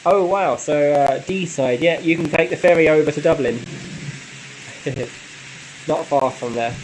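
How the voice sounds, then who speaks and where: A man hosting a casual live stream, chatting in a relaxed way and answering viewer comments with frequent light laughs. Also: on the high side, unhurried, slight background noise, rough recording. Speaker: model railway channel host.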